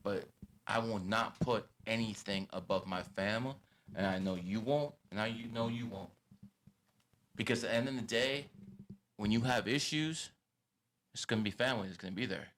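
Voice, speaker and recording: A man's voice: lowish voice, moderate pace, pauses often, a bit bright, slight background noise. A man hosting a podcast, giving blunt and profane advice in a lecturing tone. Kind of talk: casual podcast talk.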